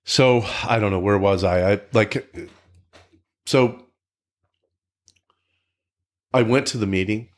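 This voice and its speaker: A man's voice: lowish voice, unhurried. A man who is a podcast guest, telling his personal recovery story in a reflective, earnest way, often restarting his sentences.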